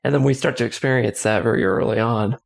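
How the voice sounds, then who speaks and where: A man's voice: mid-range voice, creaky. Joking man on a film podcast. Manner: joking, quick asides. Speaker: podcast co-host. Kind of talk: casual film discussion.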